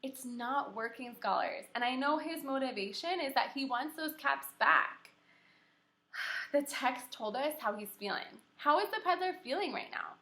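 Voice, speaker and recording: A young woman teacher reading a story aloud to kindergarteners, animated and encouraging, asking the children questions. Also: high-pitched, unhurried. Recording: echoey room.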